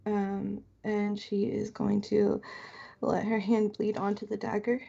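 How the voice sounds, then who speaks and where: Husky, gravelly woman player, hesitant. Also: medium pitch, monotone, slow. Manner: hesitant, lots of ums, soft. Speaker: tabletop game player. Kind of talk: describing her character's actions. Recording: muffled lo-fi audio.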